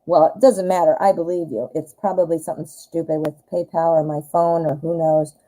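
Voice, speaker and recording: A woman's voice: low-pitched, fairly even intonation, brisk, mellow, poor audio. A woman in her forties with a Midwestern American accent, chatting in a rambling, self-deprecating way while doing a live tarot reading. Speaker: tarot reader.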